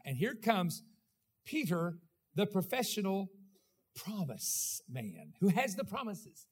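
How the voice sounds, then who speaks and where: A man with a high-pitched voice preaches a sermon. He speaks in a rhythmic cadence and keeps checking in with his congregation as he drives each point home. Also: big pitch swings, slow pace, breathy edge. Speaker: pastor.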